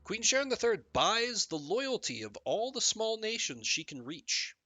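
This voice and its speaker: A man with a high voice streams a text game live at an unhurried pace. Jokey and animated, he reads the story aloud and riffs on it.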